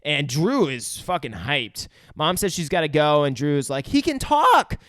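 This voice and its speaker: A man's voice: moderate pace, a bit bright, no echo, studio quality. A man co-hosting a podcast, casually recapping a film with lots of swearing and acted-out quotes. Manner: swears a lot, acts out quotes in high voices. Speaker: podcast co-host. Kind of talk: casual movie recap chat.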